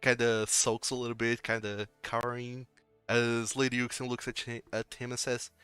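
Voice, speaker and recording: A man's voice: medium pitch, level tone, normal speed, bright, forceful tone, smooth, soft background music. A man narrating as game master of a tabletop game, loose and full of fillers.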